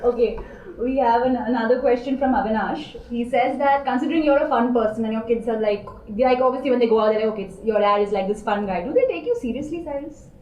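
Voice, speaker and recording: A woman hosts a live show and reads out viewer questions at a brisk pace. Her voice is fairly high but mellow in tone. The recording has an echoey studio sound with faint room noise behind her. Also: lo-fi sound. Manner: bright-natured, laughs easily, brisk question reading. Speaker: show host.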